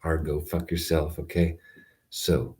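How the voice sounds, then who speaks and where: A man with an extremely deep, low-pitched voice delivers a loose, rambling rant straight to camera. His tone is sarcastic, and he keeps cutting himself off with fillers and restarts. He sounds like a vlogger airing grievances in one long, meandering take. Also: flat delivery, unhurried, darkish tone. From Calgary, Canada.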